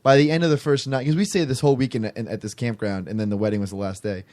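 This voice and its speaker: A man at an ordinary middle pitch spins a long story in a relaxed podcast chat. He rambles, backs up and restarts often, with plenty of fillers. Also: fast. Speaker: podcast guest telling a story.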